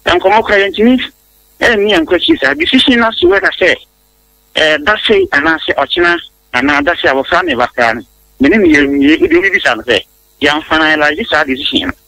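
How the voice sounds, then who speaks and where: A man's voice: high voice, wildly swooping pitch, fast talker, vocal fry, pushed and bright, no room sound, low-quality recording. A man defending himself on a talk show, hesitant and pleading, stumbling and repeating his words. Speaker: accused guest.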